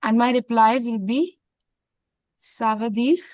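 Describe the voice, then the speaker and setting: A woman with an Indian accent teaching a French class, mixing in Hindi and repeating phrases slowly. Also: fairly high pitch, darkish tone, no room sound. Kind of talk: online classroom lesson. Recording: dull, dry lo-fi sound.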